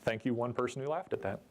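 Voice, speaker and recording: A man's voice: medium pitch, a little hiss or hum. A man giving a jokey, chatty seminar talk at a convention and asking the audience questions. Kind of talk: live presentation to a room.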